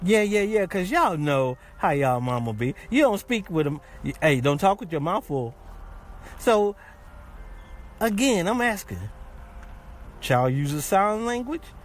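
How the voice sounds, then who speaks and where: Podcast host, male, relaxed rambling chat, unhurried, faint background hiss. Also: high voice. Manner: rambling, chatty, with fillers and restarts. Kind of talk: casual chat.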